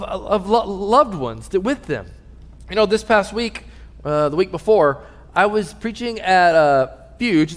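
A man preaching a sermon as pastor, telling stories earnestly and dropping soft and low in tender moments. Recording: long reverb of a large hall.

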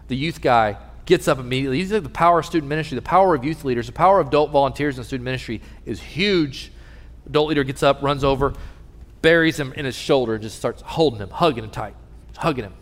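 A man preaching a sermon as pastor, telling stories earnestly and dropping soft and low in tender moments. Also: quick pace. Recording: long reverb of a large hall.

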